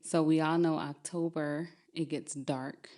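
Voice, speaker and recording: A young adult woman telling a true spooky story on a podcast, lively and often laughing as she talks. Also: low voice, unhurried.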